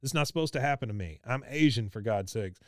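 A man voicing a gruff, snobbish immigrant neighbor who talks in clipped broken-English retorts while recapping a cartoon. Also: medium pitch, lively intonation, quick pace, no room sound, studio quality, lightly acted. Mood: indignant.

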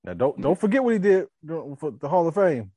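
Lively man in dry, close sports chat. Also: fairly high pitch, fast, no room sound. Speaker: sports podcast co-host. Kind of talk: casual chat. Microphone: remote call.

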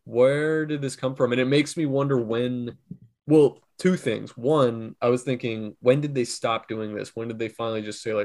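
A man's voice: medium pitch, fairly even intonation, moderate pace, a little mellow. A man co-hosting a podcast, telling long rambling stories in casual chat. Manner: rambling storyteller, lots of fillers. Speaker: podcast co-host.

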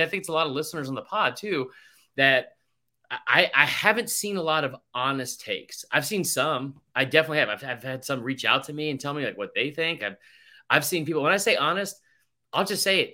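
A man's voice: on the high side, bright, forceful tone. A young man co-hosting a sports podcast, rambling through stories and swearing freely as he chats. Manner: rambling, swears a lot, tells stories with quoted voices. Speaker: podcast co-host. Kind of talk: casual sports podcast chat.

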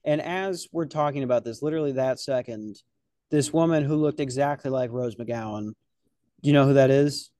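A man's voice: medium pitch, normal speed, mellow, no room sound, studio quality. A man hosting a podcast, telling a rambling story about open mic comedy in a casual, profane way with lots of restarts. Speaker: podcast host and novice stand-up comic.

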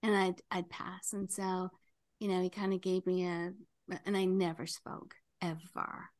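A woman's voice: lowish voice, level tone, measured pace, darkish tone. An older woman, a podcast guest, telling a story in casual chat, full of fillers and laughing as she goes.

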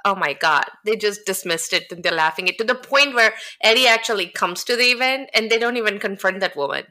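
A woman co-hosting a casual podcast, chatting about reality TV and chiming in with quick agreement and laughter. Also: medium pitch, expressive, pushed and bright. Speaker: podcast co-host. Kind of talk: casual reality TV recap chat.

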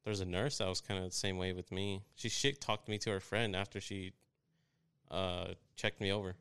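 Low-voiced young man telling stories. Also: normal speed, clear, resonant tone, dry recording. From Texas. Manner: swearing, animated retelling with quoted voices. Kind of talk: casual chat, storytelling.

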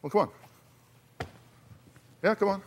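A man with a fairly high speaking voice counsels guests on a talk show stage. He is blunt and emphatic and repeats words as he presses his points. His phrasing is folksy. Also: unhurried.

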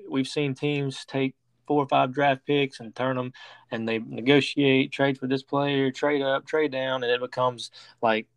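A man's voice: medium pitch, level tone, a little slow, creaky, clear, resonant tone, no echo. Rambling man hosting a dry sports podcast. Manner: rambling, many restarts and fillers. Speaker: podcast host. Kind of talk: casual sports talk.

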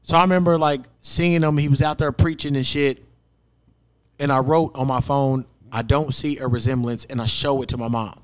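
A young man hosting a podcast, telling a long personal story in casual, profane chat and acting out quotes loudly. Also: medium pitch, fairly even intonation, normal speed. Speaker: podcast host.

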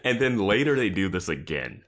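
A man's voice: deep voice, big pitch swings, moderate pace, a bit bright. A man co-hosting a podcast, chatting casually about a TV episode and often laughing mid-sentence. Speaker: podcast co-host. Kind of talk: casual chat recapping a TV episode.

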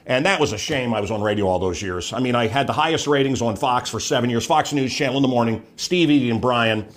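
A man's voice: mid-range voice, quick pace. An older man, a former radio host, talking straight to camera in a rambling, sarcastic vlog monologue. He often stops himself mid-thought and puts on mocking voices. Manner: brash, sarcastic, rambling with self-interruptions.

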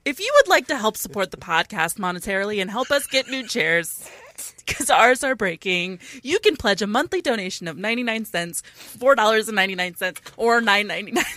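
A woman's voice: mid-range voice, expressive, brisk, pushed and bright, dry recording. A woman co-hosting a podcast, giggling and slipping into silly accents as she reads the show's plugs. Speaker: podcast co-host. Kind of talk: casual podcast banter and sponsor reads.

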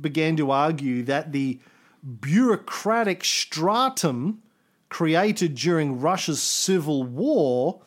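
A man hosting a casual history podcast, explaining events thoughtfully with pauses and restarts. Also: on the high side, animated. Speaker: podcast host.

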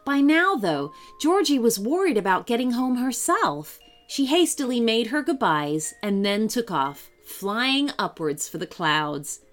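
Lively woman reading a children's story. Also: on the high side, unhurried, hardly any pauses, faint music behind. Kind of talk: scripted narration.

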